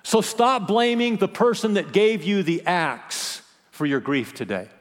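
A man preaching a sermon as a pastor, with impassioned delivery that swings between loud emphasis and hushed, quiet phrases. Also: high voice, lively intonation, a little slow, in a large hall. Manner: impassioned preaching, rising and dropping to near-whispers.

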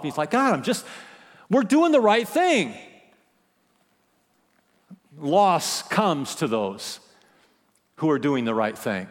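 A man preaching a sermon as a pastor, with impassioned delivery that swings between loud emphasis and hushed, quiet phrases. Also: medium pitch, big-room sound. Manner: impassioned preaching, rising and dropping to near-whispers.

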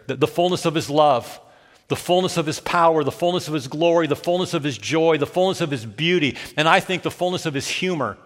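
A man preaching a sermon, telling an animated story and then growing soft and emotional. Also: mid-range voice, big-room sound. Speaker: pastor.

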